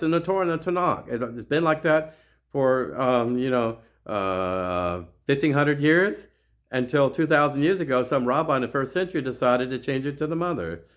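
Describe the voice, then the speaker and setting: A middle-aged man hosting his own show, giving an impassioned religious monologue that is full of repeats and restarts. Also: medium pitch. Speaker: show host.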